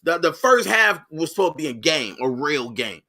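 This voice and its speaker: A man's voice: a little high, very animated, moderate pace, creaky, sharp tone. A man hosting his own sports vlog, talking casually and energetically in slang and often repeating himself.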